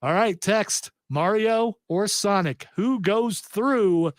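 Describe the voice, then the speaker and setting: A man hosting a podcast panel, moderating a casual chat briskly and with jokes. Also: sits high, dry recording, studio quality. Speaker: podcast host.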